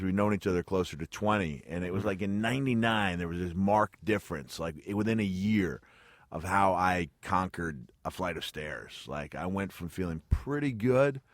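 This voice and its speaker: A man's voice: low-pitched, fairly bright tone, no echo, studio quality. A middle-aged man as a radio interview guest, telling stories in a rambling way with restarts and frequent chuckles. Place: radio studio.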